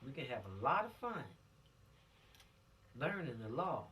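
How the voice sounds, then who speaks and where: A woman's voice: very deep voice, very animated, a little slow, a bit bright, recorded from a distance, slight background noise. A woman, a police officer giving teens an informal law lesson in a folksy, admonishing, preachy way.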